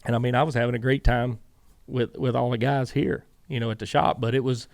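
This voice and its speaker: Gravelly middle-aged Southern man telling stories. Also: mid-range voice, little pitch movement, a little fast, dry recording, studio quality. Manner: rambling anecdotes, quoting himself and others with many "I said". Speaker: guest, former racing crew chief. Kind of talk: casual storytelling interview.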